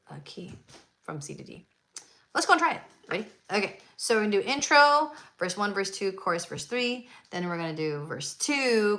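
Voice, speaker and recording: A woman's voice: fairly low pitch, a bit bright, rough recording. A woman teaching a live ukulele lesson, counting beats aloud and singing along as she plays. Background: ukulele playing.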